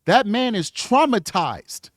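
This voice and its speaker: Man, blunt reaction commentary, high-pitched, dry close sound. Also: big pitch swings, takes it slowly, no echo. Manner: blunt, emphatic, talks back to the clip. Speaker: true crime commentator.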